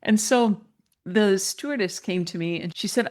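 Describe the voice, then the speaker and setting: A female interview guest, by profession a mentor and coach, recounts something personal in an animated way, laughing as she goes. She talks at ordinary speed, and her pitch shoots up in her excited moments.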